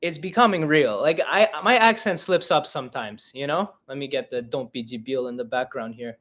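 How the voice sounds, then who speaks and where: A young man from Canada hosts a solo livestream Q&A. His voice sits a little high for a man. He rambles and cracks self-deprecating jokes as he answers fan questions. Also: moderate pace, a bit bright. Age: 20s. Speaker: comedian and podcast host. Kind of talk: casual livestream Q&A.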